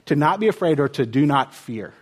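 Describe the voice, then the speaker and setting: A man preaching a sermon as a pastor, retelling the story with lively rhetorical questions. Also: on the high side, brisk, breathy edge.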